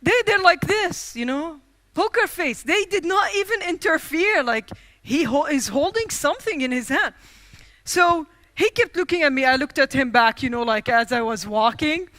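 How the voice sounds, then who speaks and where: Bright, high-pitched woman telling a story. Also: moderate pace, no echo. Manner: animated, acts out quoted dialogue. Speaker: keynote speaker. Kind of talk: storytelling speech. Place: conference stage.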